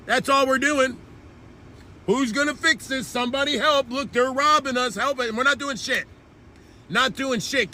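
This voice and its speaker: Man, very high voice, piercing bright tone, angry ranting host, swearing constantly. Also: a little hiss or hum. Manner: profane, heated, ranting. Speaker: online commentary host. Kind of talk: angry political rant.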